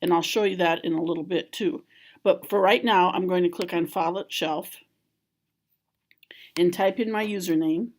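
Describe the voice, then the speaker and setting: Woman, lowish voice, calm step-by-step tutorial, library trainer. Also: moderate pace, long pauses. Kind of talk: screen-recorded software tutorial.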